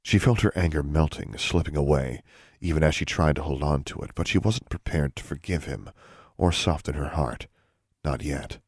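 A man reading a novel aloud as narrator, in an even, unhurried storytelling manner. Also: extremely low pitch, no room sound, clean studio sound. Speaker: audiobook narrator. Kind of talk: scripted narration.

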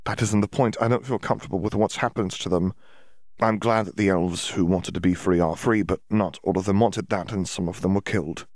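A man voicing an earnest, sharp-tongued teenage witch student in an audiobook, asking clipped, pointed questions. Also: sits low, fairly even intonation, a little fast, dry recording, clean studio sound, natural voice.

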